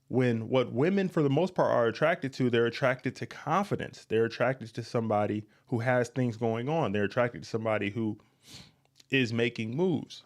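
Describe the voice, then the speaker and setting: An adult man past his youth hosts a podcast, speaking at a normal pace with a medium-pitched voice. He gives listeners blunt, frank dating advice directly, stressing his points emphatically and repeating them.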